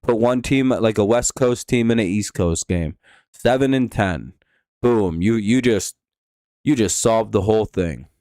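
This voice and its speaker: Man, live stream host, casual game commentary, rambling, swears, smooth clear voice, dry close sound. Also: fairly low pitch, measured pace, a little mellow, dry recording. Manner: rambling, profane, offhand.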